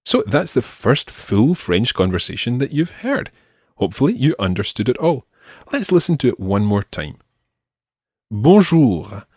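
A man teaching a French lesson, explaining and slowly modelling phrases for learners to repeat. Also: mid-range voice, sing-song, slightly rough, no room sound, clean studio sound. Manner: slow, careful modelling of phrases. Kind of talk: audio language lesson.

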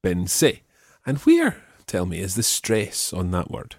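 A man's voice: deep voice, huge pitch swings, a little slow, creaky, a little mellow, no room sound, clean studio sound. A man teaching a Spanish lesson, patiently explaining step by step and prompting his student. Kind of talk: spoken language lesson.

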